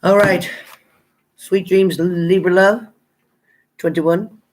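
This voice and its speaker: A tarot reader talks casually to a live-stream audience in a plain, straight-talking way. The voice is playful and quick to laugh as it greets viewers one by one. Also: mid-range voice, steady tone. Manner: chatty, greets viewers by name; laughs often, playful banter.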